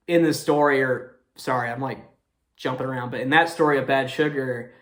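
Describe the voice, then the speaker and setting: A young man hosts a casual movie review, rambling along with lots of fillers and apologetic self-corrections. His voice is mid-range.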